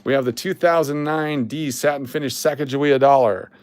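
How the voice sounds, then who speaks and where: A man's voice: mid-range voice, fairly even intonation, a little fast, darkish tone, no room sound. A man hosting a casual livestream, blunt and sarcastic, swearing now and then. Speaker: livestream host.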